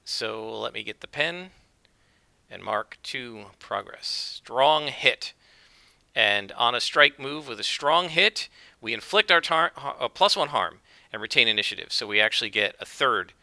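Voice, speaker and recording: Here a man runs a solo tabletop game, acting as game master and sole player, thinking out loud about dice rolls with plenty of fillers and self-corrections. The voice is medium-pitched, animated yet unhurried, creaky, pushed and bright, recorded without echo.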